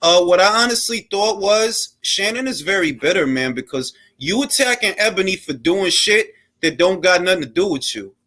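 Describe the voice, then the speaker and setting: A man's voice: sits high, animated, moderate pace, few pauses, sharp tone. A man hosting a boxing talk show, chatting loosely with slang and jokes. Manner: loose, joking, slangy banter. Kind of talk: casual live-stream chat.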